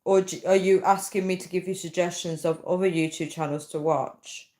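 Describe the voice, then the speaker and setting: A young woman chats casually on a live stream, reading out comments and puzzling over them aloud. She rambles, full of "um" and "like", in a fairly low voice. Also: steady tone, moderate pace, a little mellow. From United Kingdom. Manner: chatty, thinks aloud with many fillers. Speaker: livestream host.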